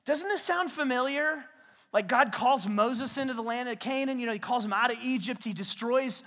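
A man preaching a sermon as a pastor, retelling scripture as a lively, slangy story. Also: extremely high pitch, normal speed. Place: church sanctuary. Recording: long hall reverb in a church.

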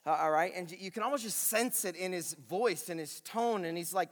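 A man preaching a sermon as pastor, animated and emphatic, repeating his phrases and swinging from loud exclaiming to hushed intensity. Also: high voice, moderate pace, few pauses, long reverb tail.

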